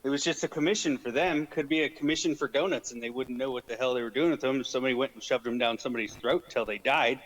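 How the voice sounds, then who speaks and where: A man's voice: medium pitch, quick pace, few pauses, fairly bright tone, rough recording. A man playing a tabletop game, arguing bluntly and offhandedly with the table. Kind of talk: casual chat at the game table.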